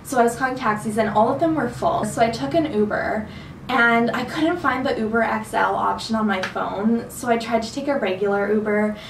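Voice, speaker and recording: A woman's voice: a little high, moderate pace, creaky, echoey room, far from the mic, a little hiss or hum, poor audio. A young woman vlogger telling a rambling story in a casual chat, full of "like"s. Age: young adult. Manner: chatty, rambling with many "like"s. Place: dorm room.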